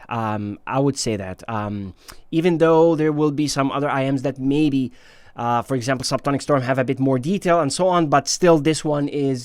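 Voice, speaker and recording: A man's voice: medium pitch, moderate pace, clear, resonant tone, dry recording, studio quality. A man hosting his own channel, giving a casual and enthusiastic spoken review with frequent hesitations and fillers. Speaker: headphone reviewer, channel host. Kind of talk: casual product review talk.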